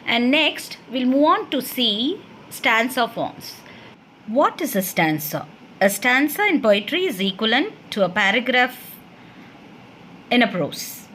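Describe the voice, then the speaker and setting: Woman, Indian English accent, lecturer, higher voice, steady explaining, asks and answers herself, faint background hiss. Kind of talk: classroom lecture.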